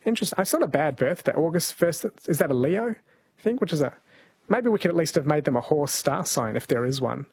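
A New man hosting a radio quiz, chatty and quick to laugh as he reads listener texts. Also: fairly high pitch, lively intonation, a little mellow, husky, dry recording. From New Zealand. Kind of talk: casual radio chat. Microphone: studio microphone.

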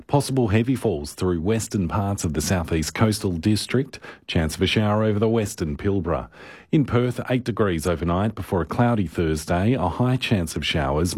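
A man with an Australian accent reads a radio weather forecast in a steady, measured way. His voice is very deep and a little husky. The recording is dry and close. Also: no room sound. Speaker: weather presenter.

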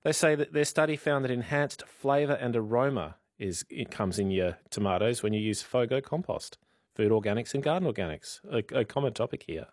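Brief: man, radio news segment, measured delivery, dry studio sound. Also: medium pitch, animated, no room sound. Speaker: radio newsreader. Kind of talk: news reading and banter. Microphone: studio microphone.

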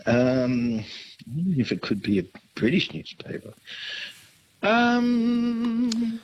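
A man's voice: medium pitch, expressive, moderate pace. A man calling in to a radio quiz, rambling and hesitant as he thinks aloud. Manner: rambling, hesitant, full of ums. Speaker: caller. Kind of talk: casual phone-in chat. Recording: dull phone line with faint noise.

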